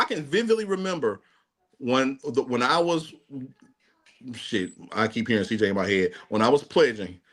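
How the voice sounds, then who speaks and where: A man's voice: mid-range voice, fairly bright tone. A man, emphatic and slangy in a casual group conversation among fraternity brothers. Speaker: fraternity brother in a panel talk. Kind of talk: casual chat.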